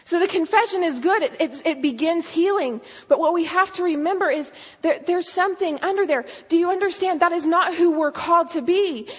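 Woman preaching, high voice, earnest, lots of questions, big echoey hall. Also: brisk, hardly any pauses. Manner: earnest, storytelling, emphatic questions. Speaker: speaker. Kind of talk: sermon. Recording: long hall reverb.

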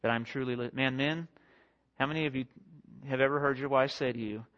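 A man's voice: mid-range voice, steady tone. Young male pastor, conversational sermon, lo-fi. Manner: conversational, self-deprecating, with quick acted-out quotes. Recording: dull lo-fi sound.

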